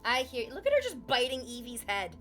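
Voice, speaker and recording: A woman's voice: fairly high pitch, wildly swooping pitch, brisk, a bit bright, soft background music. A woman streaming from home, chatting casually with her viewers in a sarcastic, teasing way and swearing freely.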